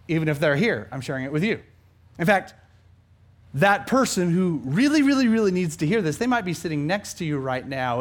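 A middle-aged pastor with a high voice preaches a sermon, alternating between loud, emphatic lines and quiet asides.

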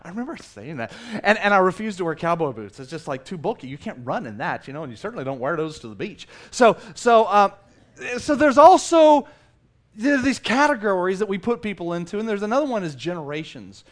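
Pastor guy in his 40s from south texas, pretty high voice, chatty joking sermon style. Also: fairly quick. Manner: animated and conversational, with self-mocking humor and repeated restarts.

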